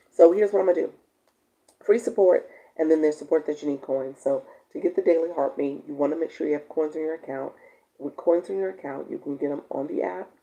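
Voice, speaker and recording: A woman's voice: fairly low pitch, vocal fry, dark tone. A woman coaching on a live stream in a casual chat, laughing often as she reads out viewer comments. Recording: dull lo-fi stream audio.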